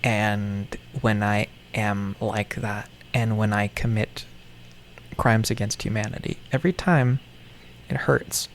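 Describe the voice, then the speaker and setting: A man's voice: lowish voice, steady tone, slow, slight background noise. A man rambling through a vlog monologue about his toys, joking like a villain and trailing off into mumbles. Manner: playfully menacing, meandering, self-mocking villain talk. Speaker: toy vlogger.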